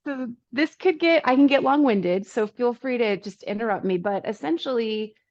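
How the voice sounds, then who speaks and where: A woman's voice: a little high, normal speed, highs cut off. A woman in her thirties, a guest on a running podcast, telling her own story candidly and with animation, acting out the people she quotes. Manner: animated, self-deprecating, acts out quoted people.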